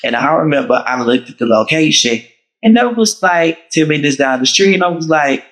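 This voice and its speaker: A man hosting his own show, telling a dramatic personal story to his viewers in a casual, animated way. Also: a little high, moderate pace, poor audio. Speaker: host.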